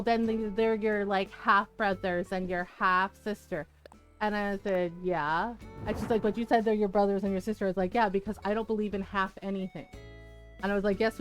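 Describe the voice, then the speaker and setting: A woman streamer chatting casually while playing a game, frank and quick to laugh, swearing freely and acting out the people in her stories. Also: mid-range voice. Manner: frank, swears freely, laughs often, retells dialogue animatedly. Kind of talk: casual chat while gaming.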